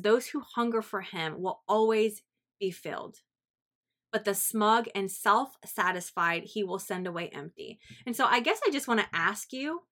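A woman with a medium-pitched, slightly bright voice hosts a faith podcast from her home in Central Florida. She speaks earnestly and encouragingly, posing reflective questions to her listeners.

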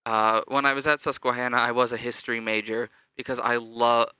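Bright, smooth-voiced young man. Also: medium pitch, little pitch movement, brisk, no room sound. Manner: reflective, loosely rambling. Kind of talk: casual personal storytelling. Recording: slightly dull lo-fi dry recording.

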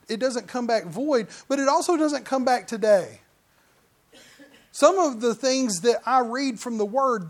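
His pitch is extremely high as this middle-aged man preaches conversationally in his role as pastor. Every so often he erupts into a loud mock outburst.

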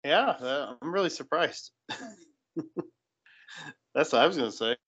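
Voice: mid-range voice, animated, unhurried, a bit bright, breathy edge, no echo, highs cut off. A podcast co-host who chips in briefly and a little hesitantly. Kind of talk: casual film review chat.

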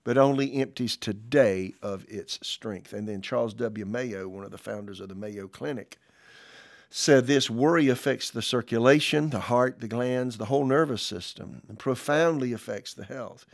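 A man preaching on a church podcast, reading scripture and quotes aloud, then commenting in a relaxed, conversational way with fillers. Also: mid-range voice, moderate pace. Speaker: pastor. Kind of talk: podcast sermon.

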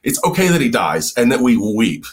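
Man, guest author, podcast chat, halting, repeats words, mid pitch. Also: very animated. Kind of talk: casual podcast conversation.

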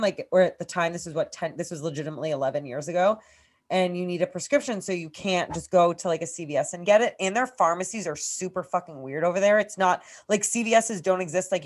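A woman in her thirties from Massachusetts co-hosts a casual podcast chat. She tells a personal story in a middle-pitched voice, swearing freely and stringing clauses together with "like". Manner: profane, rambling, heavy use of "like". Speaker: podcast co-host.

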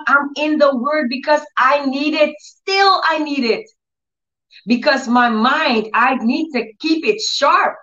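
A woman teaching her church audience about healing, giving an earnest, repetitive testimony with soft laughs. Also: high voice. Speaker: Bible teacher and church leader. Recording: distant, dull-sounding mic.

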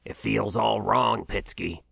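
A man voicing an older male fry cook, blunt and worried, in an audiobook. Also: on the low side, takes it slowly, fairly bright tone, no echo, clean studio sound, heavily acted. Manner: blunt, exasperated. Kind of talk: audiobook character voice.

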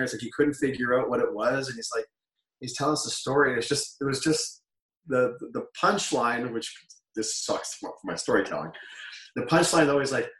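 A man's voice: medium pitch, distant mic. Man from Canada, forties, interview guest, rambling storyteller, self-correcting, echoey room, sits away from the mic. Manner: rambling, self-correcting, laughs while telling stories. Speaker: guest, former wrestler. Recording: roomy, off-mic sound.

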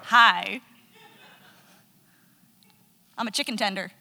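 A woman's voice: mid-range voice, a little fast, gravelly, bright, forceful tone, slight background noise, voice pushed down. A woman voicing her brash, joking chicken-lady character from a Renaissance fair street cast, trading cheeky puns. Her voice stays close to her own. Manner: cheeky, punning banter.

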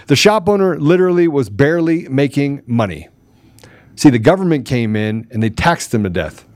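A man's voice: fairly high pitch, no echo, clean studio sound. A man hosting a political podcast, ranting angrily and with heavy emphasis. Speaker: podcast host. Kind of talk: heated political commentary.

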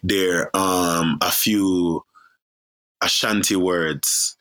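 A man, a filmmaker guest in a relaxed interview, telling stories with lively swings in pitch and many restarts. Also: drawn-out words, clean tone.

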